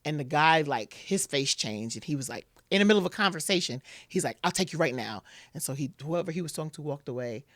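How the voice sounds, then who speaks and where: A woman's voice: low-pitched, fast, hardly any pauses, no echo, studio quality. A woman guest on a podcast, telling a personal story and acting out what people said, with plenty of "like" fillers. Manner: animated retelling, acting out quotes, many "like" fillers.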